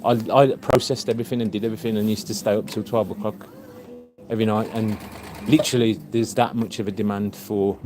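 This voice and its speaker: A man's voice: on the low side, fairly even intonation, a little fast, noisy background. A man, a tailor and shirtmaker, chatting casually and telling a rambling story with many fillers. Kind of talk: casual chat.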